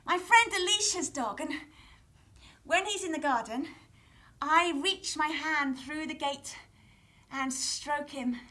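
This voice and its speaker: An eager, restless young boy, as a woman plays him on stage, coaxing children to join in. His voice sits very high and bright, and he takes his time over each phrase. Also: slow, pauses often, exaggerated voice. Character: lively cheeky young boy Jack, restless. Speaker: children's theatre performer. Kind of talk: interactive children's theatre.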